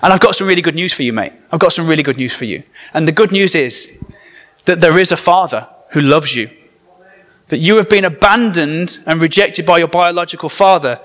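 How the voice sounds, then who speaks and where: A man's voice: on the high side, brisk, fairly bright tone. A man from the north of England preaching a sermon in a conversational, joking way, with asides to the congregation. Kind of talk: sermon with comic storytelling.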